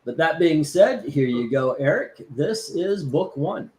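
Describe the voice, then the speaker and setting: A man's voice: a little high, expressive, unhurried, a little mellow. A man from Florida hosting a casual live stream, rambling with lots of fillers and restarts while reading out chat. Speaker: host.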